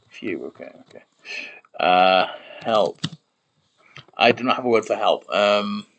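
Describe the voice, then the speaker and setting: Working at his desk on an invented language, a man streams himself thinking out loud, mumbling, trailing off, and correcting himself. His voice runs on the low side with a fairly bright tone, and typing and keyboard clicks fill the background.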